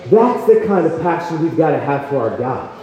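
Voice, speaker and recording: A young man preaching a passionate sermon at a campus retreat, telling a personal story with lively quoted voices. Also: a little high, moderate pace. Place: large hall at a retreat. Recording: echoey hall, dull sound.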